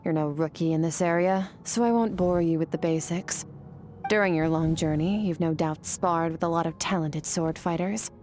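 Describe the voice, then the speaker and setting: A woman voicing a cool, stern female sword master in a video game, speaking in a calm, measured, matter-of-fact way. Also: fairly low pitch, faint music behind, lightly acted. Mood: composed. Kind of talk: game voice acting.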